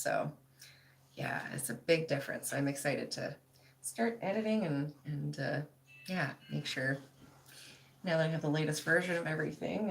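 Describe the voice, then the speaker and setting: A woman's voice: low-pitched, vocal fry, a bit bright. A woman hosting a casual livestream, chatting loosely with lots of "like" and laughing often as she reads viewer comments. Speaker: livestream host.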